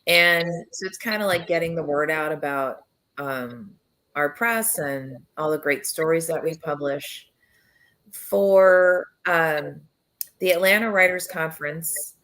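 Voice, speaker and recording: A woman hosting a casual live chat as a press founder, her voice husky and worn from travel, chatty and relaxed with many fillers. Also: deep voice, low-quality recording. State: low husky voice from travel fatigue. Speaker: founder and executive editor of a press, host.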